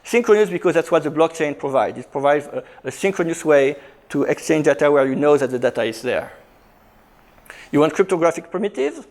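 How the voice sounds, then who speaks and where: A man giving a conference talk on programming, emphatic, with quick restarts and self-corrections. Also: a little high, animated, a little mellow. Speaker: conference speaker. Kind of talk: technical talk.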